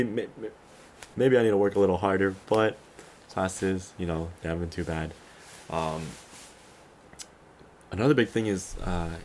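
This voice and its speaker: A man's voice: deep voice, slight background noise. A man in his twenties hosting his own podcast in a casual, rambling way, a little tired, full of fillers and small chuckles. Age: 20s. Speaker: podcast host. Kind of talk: casual solo podcast chat.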